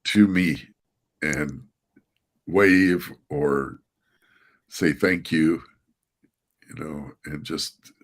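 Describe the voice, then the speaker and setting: A man's voice: a bass voice, very slow, long pauses. A man who is a guest on a casual livestream chat and answers mostly with brief agreement. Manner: brief affirming responses. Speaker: psychic-medium guest.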